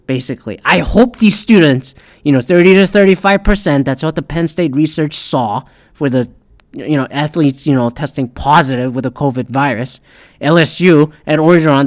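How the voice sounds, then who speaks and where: Solo podcast host, middle-aged man, slightly high voice, profane animated ranting.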